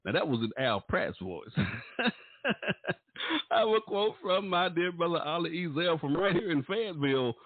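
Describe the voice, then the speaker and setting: A man's voice: very animated, normal speed, pauses often, dry recording. Male gospel radio host, playful announcer, dry and close, thin lo-fi sound. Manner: showy, playful announcer with sudden pitch jumps. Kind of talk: lively gospel radio hosting. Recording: tinny, phone-like, dry sound.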